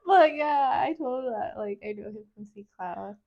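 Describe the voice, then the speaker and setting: Young woman, podcast co-host, high and lively voice, giggly storyteller who acts out the dialogue. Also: moderate pace, gravelly, dull audio. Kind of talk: casual chat.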